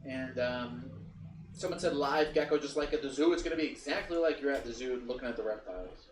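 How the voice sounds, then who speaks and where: A man's voice: mid-range voice, a little fast. Rambling man in an echoey room. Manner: rambling, repeats himself, swears. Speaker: streamer and podcast guest. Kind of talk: casual chat. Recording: echoey room from far off, faint noise.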